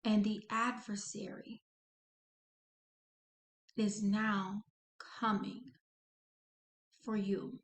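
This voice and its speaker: A woman hosting an inspirational channel, narrating a guided visualization slowly and dramatically, speaking to the listener as "you". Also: mid-range voice, level tone. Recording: echoey room.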